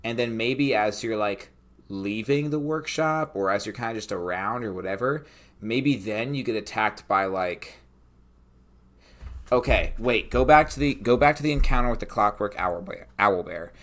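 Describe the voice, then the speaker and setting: A man's voice: fairly low pitch, expressive, moderate pace, a bit bright. A young man co-hosting a game master podcast, chatting casually and rambling as he thinks things through. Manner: rambling, filler-heavy, talks it out. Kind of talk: casual chat.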